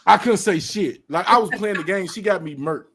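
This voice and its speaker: A man hosting a casual streamed talk show, telling profane stories in an animated way that swings up to loud outbursts. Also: high voice, a little fast, gravelly, a crowd in the background. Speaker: podcast host. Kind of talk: casual chat.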